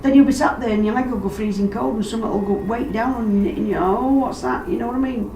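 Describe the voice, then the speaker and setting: A woman's voice: fairly high pitch, quick pace. A woman telling stories casually and animatedly about strange happenings in a house, acting out what people said. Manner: animated, acts out quoted voices, dialect grammar. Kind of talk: casual storytelling. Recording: roomy, distant mic, background noise.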